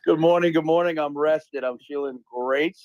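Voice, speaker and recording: A man's voice: a little high, darkish tone, no echo, dull audio. A man from New Jersey with a New Jersey accent, brash and joking in casual chat. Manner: brash, fast-talking, joking.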